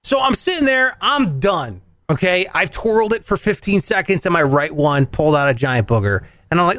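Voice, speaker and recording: A man telling a story in casual chat, animated, swearing and acting out voices. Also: a little high, moderate pace, no echo, studio quality.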